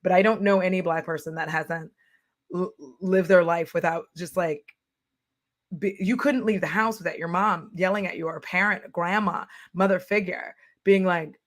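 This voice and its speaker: Brief: young woman livestream host, lively and emphatic, casual chat, laughs a lot. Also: fairly low pitch, moderate pace. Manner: animated, emphatic, laughs often, acts out quotes.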